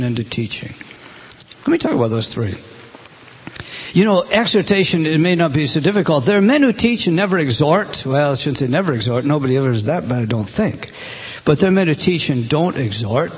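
A man's voice: a little high, slightly rough. A middle-aged man preaching a sermon as pastor, earnest and exhorting, with frequent restarts.

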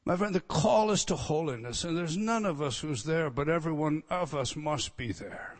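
A male preacher delivering an expository sermon in a fairly high, ringing voice. He speaks straight to his listeners with rhetorical questions. He swings between loud, emphatic declarations and hushed, intense near-whispers. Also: expressive, normal speed, in a large hall.

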